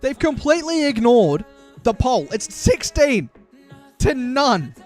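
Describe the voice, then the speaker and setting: Young Aussie male streamer-caster, high voice, playful hype, light music bed. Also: sing-song, slow. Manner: chatty, hyped, playful banter with chat. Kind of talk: live stream commentary.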